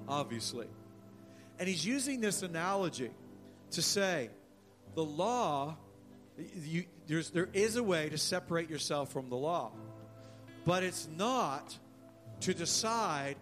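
A man preaching a sermon as pastor, animated, often repeating words and calling for the congregation to respond. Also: a little high, normal speed, long pauses, faint music behind.

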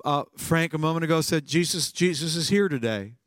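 A male pastor preaching a sermon, swinging between hushed lines and emphatic bursts. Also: on the high side, fairly quick, dry recording, clean studio sound.

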